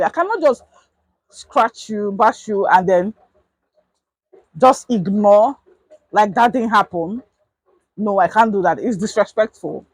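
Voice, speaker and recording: A woman's voice: mid-range voice, husky, no room sound, rough recording. A young woman with a Nigerian accent telling a casual storytime, acting out quoted people in a raised voice. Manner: animated, acts out quotes in raised voice. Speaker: vlogger.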